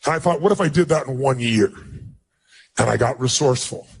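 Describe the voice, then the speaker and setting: A man's voice: mid-range voice, brisk, vocal fry, slight background noise. A man giving a motivational speech, telling a personal story to an audience and acting out dialogue with emphasis. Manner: emphatic, acts out dialogue in a raised voice. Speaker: motivational speaker.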